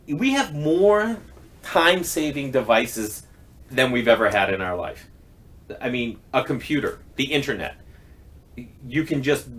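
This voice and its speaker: Rambling chatty man telling a story. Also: mid-range voice. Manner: rambling, animated, with quick asides and self-interruptions. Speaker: podcast host. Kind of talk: casual monologue storytelling.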